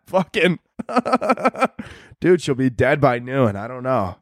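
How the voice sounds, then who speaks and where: A man's voice: medium pitch, very animated, measured pace, dry recording, clean studio sound. A young man hosting a podcast, delivering a crude, rambling comedic monologue and laughing at his own jokes. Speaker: podcast host.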